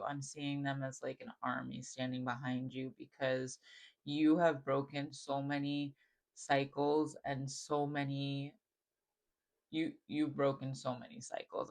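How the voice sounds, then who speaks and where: Speaking directly to the viewer, a man delivers a channeled spiritual message that is gentle and affirming, repeating phrases, leaning on "like" as a filler, and often sinking into a soft hush. His voice is mid-range with vocal fry, and the audio quality is poor.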